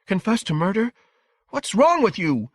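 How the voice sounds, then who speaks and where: A man reading aloud, voicing an outraged mother whose voice turns shrill. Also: sing-song, normal speed, dry recording, studio quality. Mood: indignant. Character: frightened, furious young mother.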